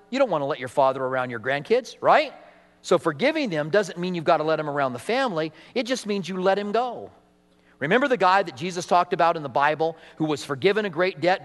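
A middle-aged man preaching a sermon as pastor, animated, acting out quoted voices as he goes. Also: sits high. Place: church sanctuary. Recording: long hall reverb.

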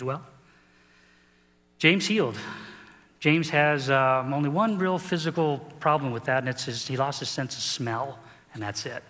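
Middle-aged man, pastor, sermon, animated storyteller, mid-pitched voice, reverberant church hall. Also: moderate pace.

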